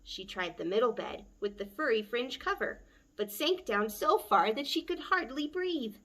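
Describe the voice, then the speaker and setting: A woman, a children's librarian, reading a picture book aloud at story time with a gentle, expressive manner. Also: fairly high pitch, moderate pace.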